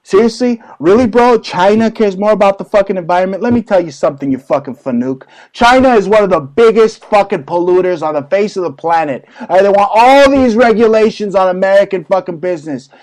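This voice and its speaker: A man's voice: high voice, lively intonation, brisk, few pauses, a little mellow, low-quality recording. A man hosting his own talk show, ranting crudely and mockingly about politics with heavy swearing. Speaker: show host. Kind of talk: profane political rant.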